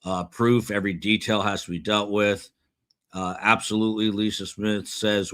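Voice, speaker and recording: A man's voice: lowish voice, level tone, normal speed, a bit bright. A middle-aged man hosting a live stream, reading chat comments aloud in a rambling, self-deprecating way with many fillers.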